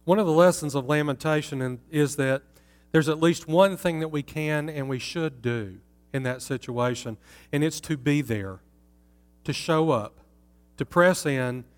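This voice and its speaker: A man teaching from the Bible in a conversational way, putting rhetorical questions to his listeners. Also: medium pitch. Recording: long reverb in a hall.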